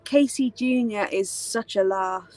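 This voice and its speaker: A woman's voice: medium pitch, measured pace, a little mellow. A young British woman chatting casually on a live stream, rambling with many fillers. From Britain. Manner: rambling, many ums and likes. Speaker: live chat host.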